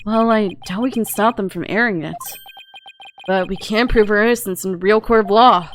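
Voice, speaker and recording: A woman's voice: mid-range voice, normal speed, music in the background, pitched below the performer's own voice, close to an everyday voice. A woman voicing an earnest young male defense attorney from a game, in a level, reasoning tone. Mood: determined.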